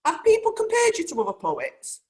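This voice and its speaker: A woman's voice: very high-pitched, wildly swooping pitch, a little fast, a little mellow. A woman hosting a talk show, chatting in a rambling, casual way full of "like" and "um". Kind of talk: casual chat.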